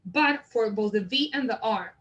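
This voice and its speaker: A woman training teachers in a literacy method, explaining it and sounding out example words slowly and deliberately. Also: fairly high pitch, fairly bright tone, lo-fi sound. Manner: slow, deliberate word modeling. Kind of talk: instructional demonstration.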